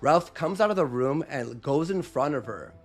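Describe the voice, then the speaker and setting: A man with a slightly higher voice tells a story on a live stream, lively and animated. He acts out other people's lines, dropping his voice low and then jumping back up. Faint music plays behind him. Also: moderate pace. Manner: animated, acts out quotes with shifting voice and volume.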